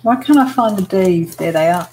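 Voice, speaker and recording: A woman's voice: lowish voice, lively intonation, moderate pace, background noise. An Australian woman chatting casually on a live stream as she works on a craft, laughing often as she explains slang to viewers. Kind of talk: casual live chat while working.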